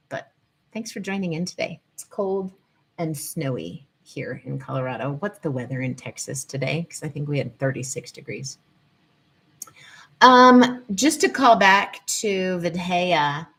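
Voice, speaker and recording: Lady hosting a livestream lesson, lowish voice, friendly rambling, keeps chatting with the comments. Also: fairly bright tone. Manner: chatty, digressive, greets viewers mid-talk. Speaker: host and teacher on the nervous system. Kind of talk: live-stream teaching talk. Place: at home in Colorado.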